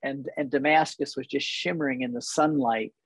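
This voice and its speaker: Man, earnest storyteller, easily moved, gravelly tone, close and dry sound. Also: mid-range voice, fairly even intonation, moderate pace, no room sound, rough recording. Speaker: guest who leads tour groups to Israel. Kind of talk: personal storytelling in conversation.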